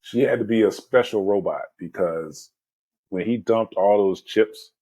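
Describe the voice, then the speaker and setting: Man, forties, lowish voice, podcast host, animated rambling storytelling, casual slang, dry close sound. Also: a little slow, breathy edge, dry recording. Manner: animated storyteller, peppers talk with "man" and "you know". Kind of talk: casual movie discussion.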